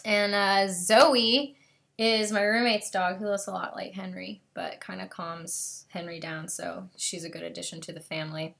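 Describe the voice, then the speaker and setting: A woman's voice: mid-range voice, fairly even intonation, moderate pace, creaky, fairly bright tone. A bubbly young woman hosting a casual live stream from home, gushing and talking straight to her viewers over a webcam.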